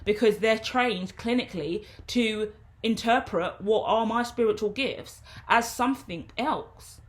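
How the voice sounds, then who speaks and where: A woman's voice: fairly high pitch, measured pace. Frank woman talking off the cuff. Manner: frank, rambling, conversational. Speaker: tarot reader and medium. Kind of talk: casual monologue vlog.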